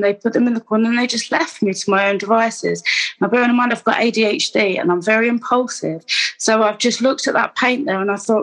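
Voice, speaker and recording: A woman's voice: medium pitch, brisk, fairly bright tone, poor audio. A woman, telling her personal story in an interview in a candid, rambling way with many restarts and asides. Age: 30s. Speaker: guest.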